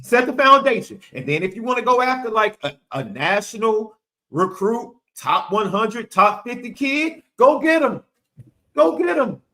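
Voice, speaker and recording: A man's voice: extremely high pitch, very animated, moderate pace, sharp tone. A man co-hosting a sports podcast, talking emphatically and repeating phrases for effect. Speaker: podcast co-host. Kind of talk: animated sports talk.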